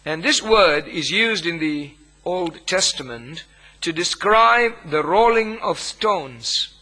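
A man, preaching a sermon as pastor, with emphatic phrasing and long pauses between phrases. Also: high voice, lively intonation, pushed and bright, rough recording.

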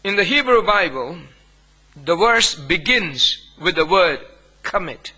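A man, preaching a sermon as pastor, with emphatic phrasing and long pauses between phrases. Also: high voice, lively intonation, bright, forceful tone, husky, poor audio.

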